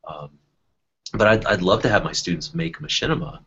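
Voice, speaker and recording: A man's voice: on the low side, very animated, brisk, creaky, a bit bright, muffled recording, slight background noise. A man talking about teaching in a casual online discussion, thinking aloud with many fillers and restarts. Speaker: educator in a panel discussion.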